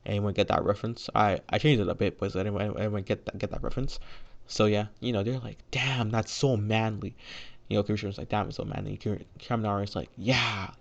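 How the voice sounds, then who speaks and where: A man's voice: lowish voice, steady tone, quick pace, gravelly, highs cut off. A young man casually retelling a fan-made story, rambling with lots of fillers and restarts.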